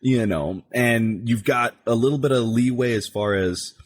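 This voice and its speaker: A man's voice: medium pitch, normal speed, slight background noise. A man who works as a voice actor, chatting casually as a podcast guest and acting out quotes as he explains. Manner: animated, acts out quotes while explaining.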